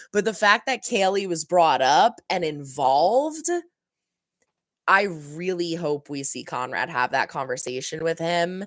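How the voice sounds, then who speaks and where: A young woman hosts a reaction channel, casually chatting and rambling about a TV episode, laughing often and acting out heated lines. Her voice is low-pitched and a bit bright, recorded with clean studio sound and no room sound.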